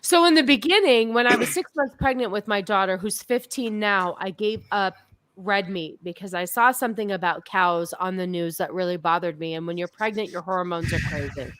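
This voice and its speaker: A woman's voice: mid-range voice, normal speed, a bit bright, dry recording. A woman in her forties hosting a casual livestream chat, talking loosely and exclaiming now and then. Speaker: podcast host.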